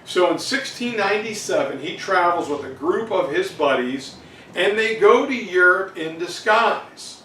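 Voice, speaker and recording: A man's voice: sits high, expressive, a little slow, sharp tone. A man teaching an exam review lecture in a casual, digressive way with many fillers. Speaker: history teacher. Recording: roomy, distant mic, faint noise.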